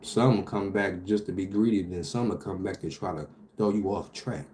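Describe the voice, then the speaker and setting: A man, animated and profane, telling a story about his delivery job with loud outbursts. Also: low voice, normal speed, a little hiss or hum. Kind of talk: casual storytelling vlog.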